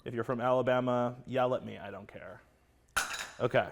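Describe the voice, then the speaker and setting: A man hosting a live cooking class, chatty and excitable, greeting viewers by name. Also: mid-range voice, moderate pace, gravelly, noisy background.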